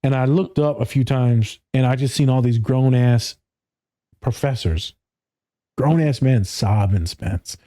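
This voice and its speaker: Speaking a little slowly, a man in his thirties who works as a therapist chats casually on a podcast in a warm, medium-pitched voice. He's blunt and profane, laughs frequently, and imitates voices when he quotes people.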